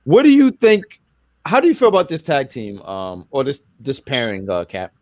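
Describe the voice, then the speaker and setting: A man's voice: mid-range voice, wildly swooping pitch, normal speed, dry recording, dull audio. A man from New York co-hosting a casual wrestling review podcast, rambling and self-correcting as he jokes around.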